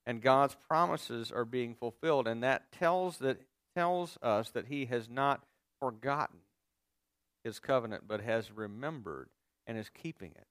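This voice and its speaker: A man's voice: mid-range voice, measured pace, a bit bright, dry recording. A male pastor preaching a sermon, reading scripture aloud and explaining it to his listeners, calling for their responses.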